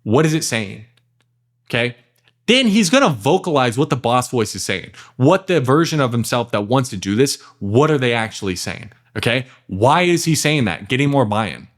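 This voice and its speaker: A young man running a sales lesson in a plain, blunt way, with many fillers between points. His voice sits at an ordinary middle pitch. Now and then he acts out what he would say to a client. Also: big pitch swings, normal speed. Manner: direct, blunt, talks to the viewer with frequent fillers. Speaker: sales trainer. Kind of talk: casual instructional talk with role-play examples.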